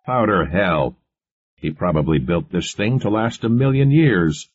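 A man's voice: sits low, lively intonation, measured pace, voice pushed up. A man voicing an intense, brooding male scientist who speaks abruptly and impatiently. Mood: harsh. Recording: muffled lo-fi recording.

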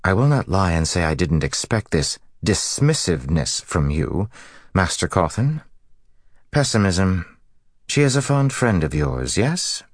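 A man voicing a curt, stern female bomb-maker in an audiobook, speaking in a flat, formal, vaguely hostile way. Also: low-pitched, measured pace, dry recording, clean studio sound, pitched above the performer's own voice, heavily acted. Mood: flat, cold. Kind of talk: audiobook character voice.

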